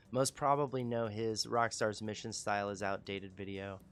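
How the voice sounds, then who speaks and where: A man's voice: lowish voice, moderate pace, hardly any pauses, clear, resonant tone, faint music behind. A man hosting a casual livestream talk show, rambling, profane and self-mocking.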